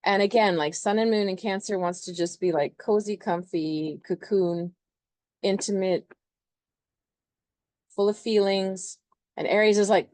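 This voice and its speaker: A woman's voice: medium pitch, a little slow, long pauses, darkish tone, no room sound. A woman astrologer talking through a chart in a chatty, loose way, full of fillers. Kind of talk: casual astrology explanation.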